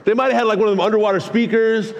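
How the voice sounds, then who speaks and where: A man in his forties preaching a sermon, telling a personal story with energetic, earnest, excitable delivery. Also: high voice, racing, vocal fry, muffled recording. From California. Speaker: pastor. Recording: long hall reverb.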